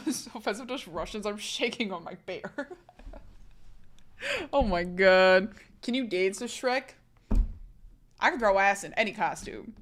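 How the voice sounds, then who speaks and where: A woman's voice: medium pitch, lively intonation, normal speed, a bit bright. A young adult woman from the United States, chatting casually on a live stream in a giggly, rambling, self-mocking way.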